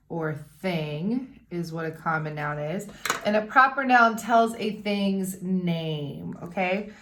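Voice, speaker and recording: A young woman teacher giving a recorded lesson, patiently explaining step by step and sounding out words slowly. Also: mid-range voice, a bit bright. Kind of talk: recorded remote classroom lesson.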